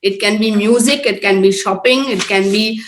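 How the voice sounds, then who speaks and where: A woman's voice: medium pitch, moderate pace, slight background noise. A middle-aged woman giving an informal talk at a prayer group, earnest and conversational, often checking with "correct?". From Oman-based, Indian. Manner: earnest, conversational, repeats tag questions. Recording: echoey room.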